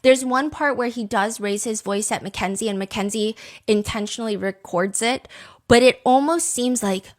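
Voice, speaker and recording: Woman, podcast host, higher voice, emphatic casual storytelling, lots of side notes. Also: moderate pace. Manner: emphatic, chatty, full of asides and fillers. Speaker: true crime podcast host.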